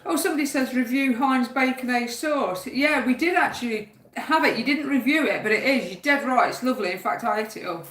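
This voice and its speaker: A woman's voice: on the high side, a little fast, few pauses, a bit bright, echoey room, low-quality recording. A woman from the East Midlands co-hosting a live stream, reading out viewer comments in a chatty, matter-of-fact way. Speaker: co-host.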